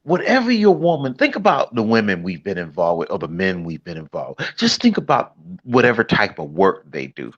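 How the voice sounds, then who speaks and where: A man hosting a casual online panel talk, animated and repeating himself as he works through his point. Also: on the low side, a little fast. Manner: animated, restarts and repeats often. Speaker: panel host. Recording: lo-fi online call audio.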